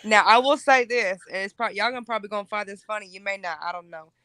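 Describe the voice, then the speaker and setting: A woman with a Southern US drawl talks openly and frankly as a guest on a casual panel. Her voice is bright and forward. The sound is close and dry. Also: medium pitch, fast, dry recording. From Alabama, US South. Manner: candid, animated, laughs easily.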